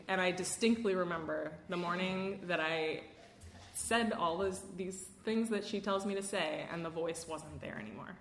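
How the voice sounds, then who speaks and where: A woman's voice: on the low side, moderate pace. Young woman speaking candidly in an echoey room. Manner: casual, self-mocking, many fillers and laughs. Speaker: speaker sharing her recovery story. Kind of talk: candid personal talk to a meeting. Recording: roomy echo, faint room noise.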